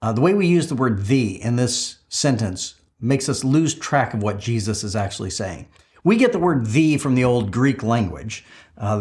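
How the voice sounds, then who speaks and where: A middle-aged man preaching a sermon as pastor, telling stories with frequent "uh"s and restarts. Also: mid-range voice. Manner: storytelling, with frequent filler "uh"s and restarts.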